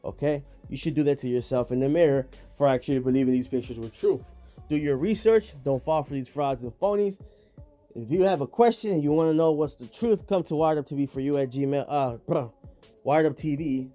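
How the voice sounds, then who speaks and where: A man's voice: fairly high pitch, fairly quick, warm tone, faint music behind. A man hosting a casual vlog, talking straight to his viewers in emphatic, slangy street talk. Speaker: host.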